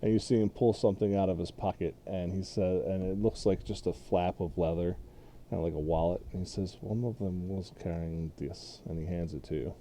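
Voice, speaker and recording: A man's voice: low voice, flat delivery, fairly quick, dark tone, a little hiss or hum, rough recording. A man narrating a tabletop game as game master in a loose, chatty way. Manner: loose, laughing, full of fillers.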